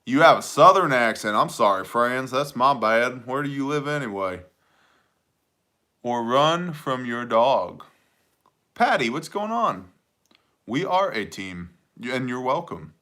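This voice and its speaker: Guy in his 30s doing a live chat stream, bright kinda forceful voice, jokey, reads comments out loud. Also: medium pitch, animated, measured pace. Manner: joking, conversational, reads chat aloud. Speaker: livestream host answering chat.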